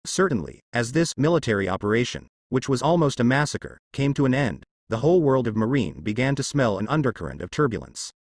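A man narrating fan fiction as an audiobook in a steady storytelling manner. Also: medium pitch, brisk, few pauses, no room sound, studio quality.

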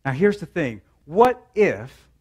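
A man's voice: fairly high pitch, big pitch swings, takes it slowly, a little mellow, breathy edge. A man in his forties preaching a sermon in a church, telling a story casually with many "um"s and "right?"s. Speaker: pastor.

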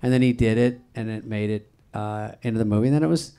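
A man's voice: fairly low pitch, fast talker, warm tone, smooth. A man telling a casual, wry anecdote as a panel guest at a conference. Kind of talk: casual storytelling on stage. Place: conference stage.

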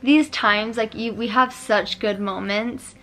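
A woman's voice: fairly high pitch, steady tone, takes it slowly, a bit bright. A young woman vlogging with her husband, chatting casually and animatedly. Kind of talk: casual chat.

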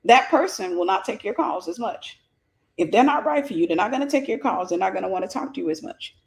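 Gravelly Southern woman teaching emphatically. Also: medium pitch, expressive, fast talker. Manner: emphatic and repetitive, folksy and joking. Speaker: Christian relationship teacher. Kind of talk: preachy informal lesson.

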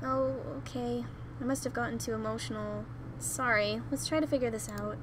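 Excitable young woman reading a story game. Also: fairly high pitch, brisk, noisy background. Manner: gushing, excitable asides. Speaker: gamer. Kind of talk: reading a visual novel aloud with commentary.

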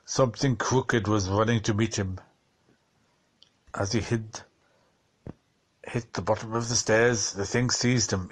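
A man narrates a tense short story as an audiobook, measured and dramatic. His voice sits at an ordinary middle pitch.

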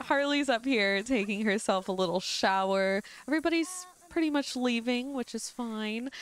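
A young woman casually narrating her life-sim gameplay, chatty and giggly with lots of ums. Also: fairly high pitch. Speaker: gaming channel host. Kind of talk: casual let's-play narration.

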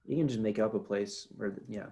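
A young American man talks in a dry, joking way during a loose podcast chat. His voice has a gravelly fry, and he lets his sentences fade out. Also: lowish voice, a little fast, warm tone. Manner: wry, joking, trails off and mumbles. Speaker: podcast guest. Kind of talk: casual chat.

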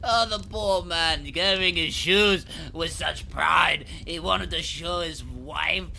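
Merlin the wizard, laughing like a madman, gravelly and bright, audio drama. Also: fairly high pitch, slow pace, slight background noise, full character voice. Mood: manic laughter. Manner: laughs helplessly through his speech, breathless and gasping. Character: wizard Merlin, a man gripped by manic laughter at grim secrets. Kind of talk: full cast audio drama.

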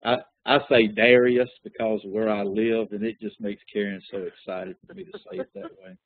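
Husky-voiced man teaching over a phone line. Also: on the low side, fairly quick. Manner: relaxed, conversational teaching with frequent fillers. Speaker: Bible study teacher. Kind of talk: interactive Bible lesson.

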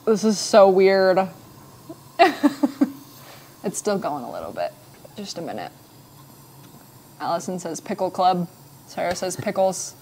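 A woman's voice: lowish voice, sing-song, measured pace, pauses often, darkish tone, slight background noise. A young woman hosting a casual livestream from a home kitchen, giggling often and reading viewer comments aloud. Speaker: livestream host.

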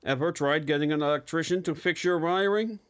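A man's voice: a little high, fairly quick, pitched above the performer's own voice, natural voice. A man voicing a cynical, joking junior police colleague in a steampunk audiobook. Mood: wry. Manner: jesting, pedantic.

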